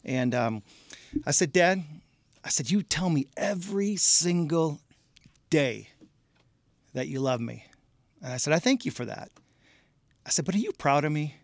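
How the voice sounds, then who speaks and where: Male podcast guest, medium pitch, heartfelt animated storyteller who repeats himself, dry studio mic. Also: normal speed, vocal fry, pauses often, no echo. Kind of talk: casual interview storytelling.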